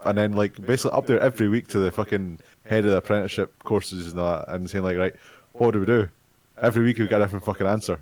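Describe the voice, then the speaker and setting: A man's voice: lowish voice, steady tone, rapid-fire, a little mellow. Young Scottish man ranting casually. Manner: swears freely, exasperated ranting. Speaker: tabletop game player. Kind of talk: casual chat.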